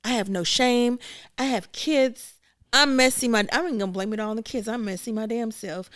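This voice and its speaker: A woman co-hosting a casual talk show, joking bluntly and firing back quick comebacks. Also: on the high side, fairly bright tone, no echo, clean studio sound. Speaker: podcast co-host. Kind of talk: casual chat.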